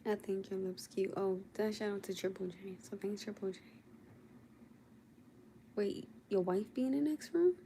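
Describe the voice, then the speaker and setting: A woman's voice: mid-range voice, normal speed, pauses often, mellow, a little hiss or hum. A young woman chatting casually with viewers on a late-night livestream from her bed, sleepy and teasing, laughing often. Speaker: livestream host. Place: at home in bed.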